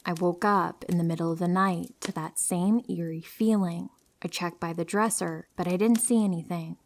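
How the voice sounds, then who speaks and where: Soft-spoken woman reading scary stories. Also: fairly low pitch, moderate pace. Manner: calm, soft-spoken, dipping into whispers for tense moments. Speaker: narrator reading listener horror stories. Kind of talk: scripted narration of horror stories.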